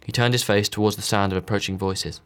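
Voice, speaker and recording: A man's voice: fairly low pitch, steady tone, fast. A man narrating a novel, reading all the characters with slight voice shifts. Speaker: audiobook narrator. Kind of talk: scripted narration.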